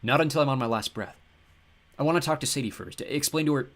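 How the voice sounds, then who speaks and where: A man's voice: medium pitch, quick pace, a bit bright, pitched above the performer's own voice, close to an everyday voice. A man voicing an earnest, hesitant teenage boy in an audiobook.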